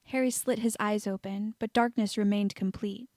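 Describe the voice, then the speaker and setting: A woman reading fan fiction aloud as an audiobook narrator, steady and even. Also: medium pitch, normal speed, no echo, studio quality. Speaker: audiobook reader.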